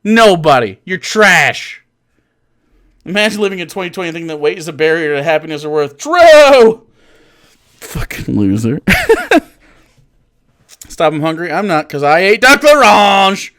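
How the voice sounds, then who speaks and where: Bright-voiced mocking male streamer. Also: fairly high pitch, lively intonation, a little fast. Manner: mocking, profane, laughs often. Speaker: livestreamer. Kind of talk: casual livestream chat.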